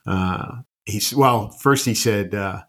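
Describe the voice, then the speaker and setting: A man in his fifties with a somewhat low voice speaks as an interview guest. He recounts his past in an unhurried, reflective way and often pauses on an um or uh while he gathers his thoughts. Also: fairly bright tone. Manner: measured, reflective, frequent ums and uhs. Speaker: podcast guest, retired army officer and author. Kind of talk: conversational storytelling interview.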